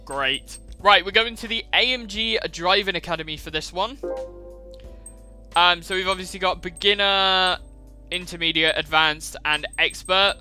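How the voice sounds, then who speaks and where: A man's voice: high-pitched, moderate pace. A man commenting on his racing game playthrough, chatty with dry, sarcastic asides. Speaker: gaming channel host. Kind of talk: gameplay commentary. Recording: loud music and car engine sounds behind. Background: game music and racing car sounds.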